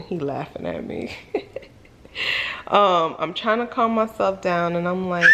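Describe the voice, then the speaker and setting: A woman in the middle of a casual vlog storytime, talking at an ordinary mid pitch. Her talk is loose and full of fillers, and her voice leaps up high and loud on exclamations before settling back down. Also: a little slow, slight background noise. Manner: animated, filler-heavy retelling with many "like"s. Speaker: vlogger.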